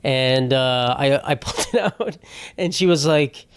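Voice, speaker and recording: A man's voice: medium pitch, a little slow, clear, resonant tone, no room sound, studio quality. A man hosting a solo comedy podcast, telling rambling, profane, self-mocking stories in casual talk. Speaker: podcast host. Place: home setup.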